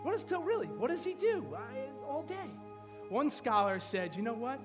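High-voiced man preaching in a reverberant hall. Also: sing-song, moderate pace. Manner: conversational preaching with rhetorical questions and humor. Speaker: pastor. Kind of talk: sermon. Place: church sanctuary. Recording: long hall reverb with background music.

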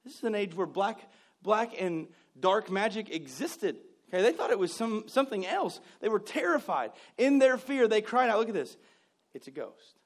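A man preaching a sermon, joking with the congregation and acting out scenes, swinging from loud outbursts to hushed asides. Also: sits high, normal speed. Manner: animated and joking, acts out scenes. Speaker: pastor.

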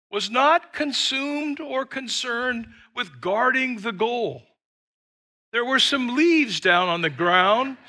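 High-voiced older man preaching. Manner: dynamic preaching, shouting quoted lines then dropping to a hush; storytelling with humor. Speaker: pastor. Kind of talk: sermon.

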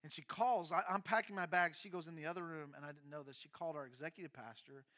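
Bright, high-voiced man pastor. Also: fast. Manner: candid storytelling, mixing quiet and emphatic moments. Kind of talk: sermon testimony.

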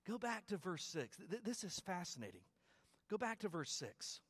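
A man's voice: sits high, sing-song, normal speed, a bit bright, slightly rough. A man preaching a sermon as pastor, emphatic and repetitive at the peaks, chatty with stumbles in the asides. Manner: emphatic preaching with repeated phrases and rising calls; conversational asides with stumbles and restarts.

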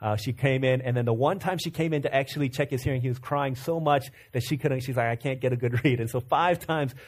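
A man's voice: mid-range voice, fairly quick. A male pastor preaching a sermon in a conversational storytelling way, often repeating and restarting words as he builds to fervent points.

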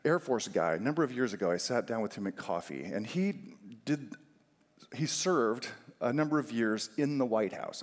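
A man preaching a sermon, emphatic, stressing single words and swinging his pitch widely to make a point. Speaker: pastor. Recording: long hall reverb.

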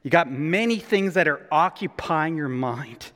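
A man voicing a calm, patient male teacher who speaks softly and reassuringly. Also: a little high, a little slow, in a large hall. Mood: gentle. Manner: soft, gentle and reassuring.

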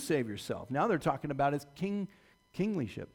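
A man preaching a sermon, retelling a story dramatically and swinging from loud to hushed delivery. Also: fairly high pitch, lively intonation, quick pace. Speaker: pastor.

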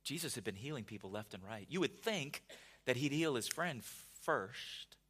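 A male pastor giving a conversational sermon, often restarting words and building to emphatic, louder passages. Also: medium pitch, animated, moderate pace, husky.

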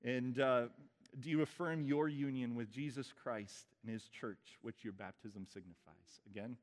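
A man as pastor, leading a baptism liturgy with relaxed, informal asides between the formal vows. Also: medium pitch, measured pace. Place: church sanctuary. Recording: reverberant church hall.

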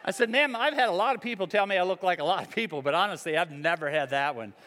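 A man in his sixties preaching a sermon, telling stories about himself in a relaxed, conversational way. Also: sits high, fast, slight background noise. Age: 60s. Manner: conversational, self-deprecating storytelling. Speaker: pastor. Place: large church hall. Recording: long hall reverb.

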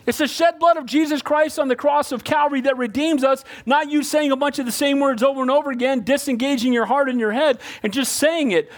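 A man preaching a sermon, calling out for amens and swinging between loud emphasis and hushed pleading. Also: very high voice, steady tone, fairly quick, hardly any pauses. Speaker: pastor.

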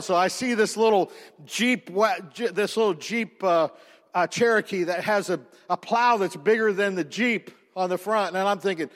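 A man pastor telling a personal story in a sermon, animated, with frequent restarts and repeated words. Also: high voice, normal speed, long reverb tail.

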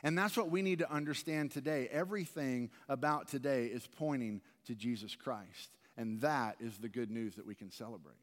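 A man's voice: medium pitch, moderate pace, few pauses. A man preaching a sermon as pastor, earnest and conversational, often restarting his phrases. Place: large church sanctuary. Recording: long reverb of a church hall.

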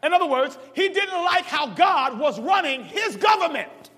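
A pastor preaches with a very high, lively voice, rising and falling in pitch. He drops to quiet talk, then hollers at full force. His voice carries through the long echo of a big church hall. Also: moderate pace. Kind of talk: sermon. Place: church sanctuary. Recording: long reverb of a large hall.

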